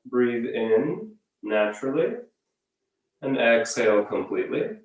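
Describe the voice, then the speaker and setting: A man leading a guided breathing exercise as a yoga teacher, giving calm, unhurried step-by-step cues. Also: mid-range voice. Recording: very echoey room, voice from far off.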